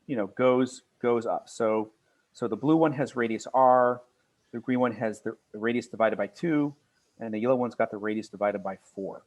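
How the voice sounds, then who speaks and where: A man lecturing a university class, earnest and halting, with many fillers and restarts. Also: mid-range voice, darkish tone.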